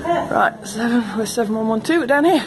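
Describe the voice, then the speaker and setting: A woman chatting her way around a ferry as a travel vlogger, lively and quick to laugh. Her voice sits a little high. A constant hum of ship noise runs under everything she says. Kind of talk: casual walk-through commentary. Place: ferry car deck and cabin.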